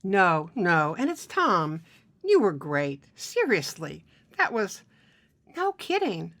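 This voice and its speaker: A woman's voice: huge pitch swings, takes it slowly, a bit bright, full character voice. A woman reading as a charming young Southern man. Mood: easygoing, friendly. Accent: Southern US drawl. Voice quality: deep, smooth drawl.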